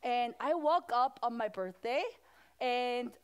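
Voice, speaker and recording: High-voiced woman pastor talking to kids. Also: takes it slowly, smooth. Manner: animated, asks the children questions. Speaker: children's pastor. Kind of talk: children's sermon.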